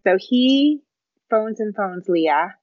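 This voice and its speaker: A woman's voice: mid-range voice, animated, slow pace, no room sound. A woman casually summarizing a book's story in a book discussion, in a dry, slightly muffled recording. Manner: chatty, informal summarizing. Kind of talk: casual chat.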